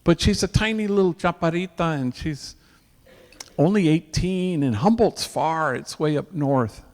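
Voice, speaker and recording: A man quoting an anxious former gang member father, in an excited, pleading manner, in a hall with long reverb. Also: fairly high pitch, unhurried, pitched above the performer's own voice.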